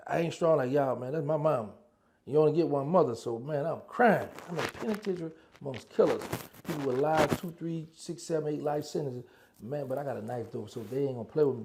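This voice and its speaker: Brief: New man, gravelly, animated storyteller quoting others as he goes. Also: fairly high pitch. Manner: animated storyteller acting out quoted dialogue. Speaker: guest, former prisoner. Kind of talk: storytelling interview chat.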